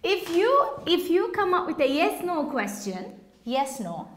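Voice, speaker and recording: A woman teaching an English class, explaining slowly and patiently and quizzing her students. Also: very high voice, very animated, a bit bright. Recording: echoey classroom.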